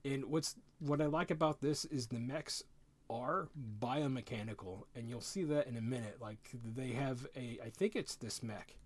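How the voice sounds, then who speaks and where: A middle-aged man streaming live, giving casual first impressions of a game rulebook in an excitable way that is full of stammers and repeated words. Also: medium pitch, moderate pace, slightly rough.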